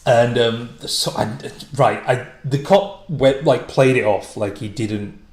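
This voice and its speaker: A man's voice: mid-range voice, slow, darkish tone. A man, a stand-up comedian, telling a rambling, sweary anecdote with frequent laughter. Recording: echoey room.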